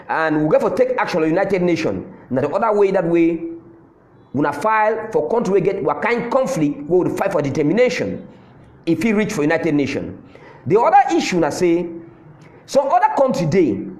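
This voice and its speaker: A political commentator from Southern Cameroon, speaking with a Cameroonian Pidgin English accent, delivers a fiery address in an echoey room. His voice sits high and a little mellow, and he hammers his points home through repetition.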